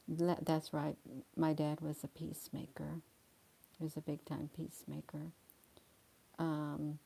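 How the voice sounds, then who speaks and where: A middle-aged woman chatting slowly and soothingly with livestream viewers, calling them honey. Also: low-pitched, creaky, warm tone. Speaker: livestream host reading viewer comments. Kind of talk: slow casual chat to live viewers.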